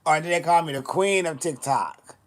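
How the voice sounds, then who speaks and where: A man's voice: on the high side, normal speed. A man chatting casually on a livestream, sassy and blunt, swearing a lot as he answers comments.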